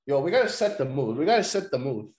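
A man hosting a podcast, joking loudly and swearing in crude, excitable banter. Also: mid-range voice, fast talker, echoey room. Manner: loud, joking, profane, excitable. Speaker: podcast host. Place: room recorded in person.

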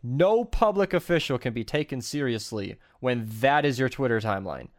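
A man in casual podcast chat whose pitch swoops up and down as he talks. He rambles, restarts and laughs often, and he swears freely. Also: expressive, moderate pace.

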